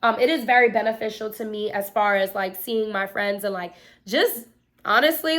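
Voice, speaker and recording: A woman's voice: mid-range voice, moderate pace, a bit bright. A young woman vlogging casually at home, chatting to viewers with lots of fillers and asides. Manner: chatty, addresses viewers as y'all, frequent fillers. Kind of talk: casual chat to camera. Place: home room.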